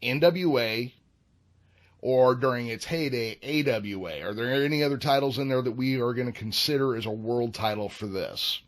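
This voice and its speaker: A man's voice: mid-range voice, moderate pace. A man co-hosting a podcast, amused and easygoing in casual chat. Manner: amused, easygoing, chuckling between words. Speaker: podcast co-host.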